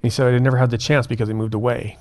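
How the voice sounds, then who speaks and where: A man, a prison minister and guest, telling a story in an earnest, animated way and acting out the dialogue. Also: mid-range voice, racing. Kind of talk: conversational storytelling.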